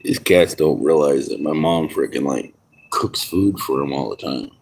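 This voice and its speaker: A man's voice: a bass voice, normal speed, gravelly, a little mellow, breathy edge. A tipsy man rambling and swearing through a casual livestream outdoors at home, chuckling to himself. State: intoxicated.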